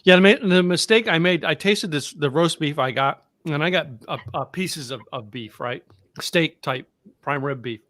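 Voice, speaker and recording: A man co-hosting a podcast, telling animated stories with stumbles and restarts. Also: fairly high pitch, normal speed. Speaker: podcast co-host. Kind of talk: casual chat with storytelling.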